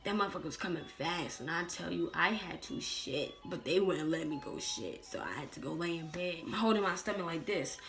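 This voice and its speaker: Blunt, animated young woman, mic far off. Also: fairly low pitch, fairly quick, hardly any pauses, faint music behind. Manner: animated, blunt and profane, acting out the people in her story. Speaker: vlogger telling her own story. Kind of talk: casual storytelling. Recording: distant mic with faint background noise.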